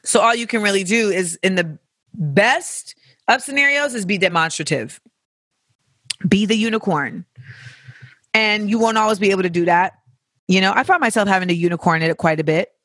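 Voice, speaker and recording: A podcast host with a medium-pitched, sharp-toned voice talks at normal speed with long pauses, recorded in a clean studio with no echo. The chat is casual and reflective, candid, sprinkled with profanity and playful tangents as the host answers listener questions.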